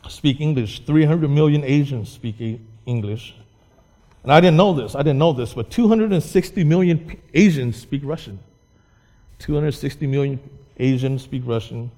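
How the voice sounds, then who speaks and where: A man's voice: mid-range voice, mellow. Man speaking in an echoing hall. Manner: repeats and restarts words, explains patiently. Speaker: Hmong pastor speaking to a church. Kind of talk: informal church talk. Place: church hall. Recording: long echo of a large hall.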